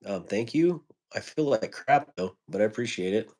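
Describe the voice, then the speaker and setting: A man chatting casually on a live stream, his voice sitting a little low. He jokes and rambles from one aside to the next while greeting viewers by name. He talks into a phone at home. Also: expressive, normal speed, darkish tone.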